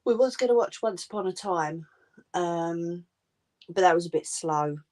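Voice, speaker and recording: Chatty woman with a lowish voice. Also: measured pace, darkish tone. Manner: chatty and informal, laughs often. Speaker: crafting livestream host. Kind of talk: casual livestream chat with viewers. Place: home.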